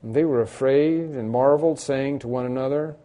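A man's voice: medium pitch, normal speed, warm tone. A man preaching an expository sermon in a conversational way, repeating key phrases for emphasis and poking fun at himself. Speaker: pastor.

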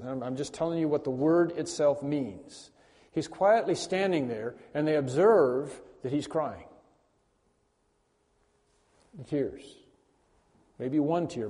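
A male pastor preaches in a large church sanctuary, his voice fairly high for a man yet mellow in tone. Long reverb trails behind each phrase. He leans on repetition and moves between loud emphasis and near-whispered lines. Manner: emphatic, repeats key phrases, swings from loud to hushed. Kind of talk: sermon.

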